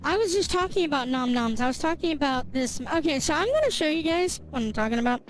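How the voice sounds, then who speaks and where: A woman's voice: high-pitched, expressive, quick pace, soft background music. A woman game streamer chatting with her viewers in a bubbly, rambling way, swearing casually as she goes. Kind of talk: casual live-stream chat.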